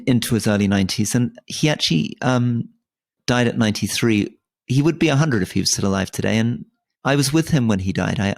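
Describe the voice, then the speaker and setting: A man's voice: fairly low pitch, creaky. A man in his forties from Britain, co-hosting a casual conversation and often stammering and restarting his words. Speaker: podcast co-host.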